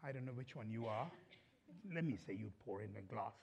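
A man preaching a sermon to a church congregation, chatting and asking the crowd questions, then building to impassioned shouting. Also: fairly low pitch, fairly quick, gravelly. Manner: conversational, asks the congregation questions.

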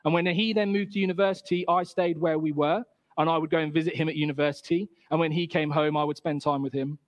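A man's voice: fairly high pitch, fairly even intonation, fast talker. Chatty man telling a story. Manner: casual, chatty, with fillers and acted-out quotes. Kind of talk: personal storytelling talk.

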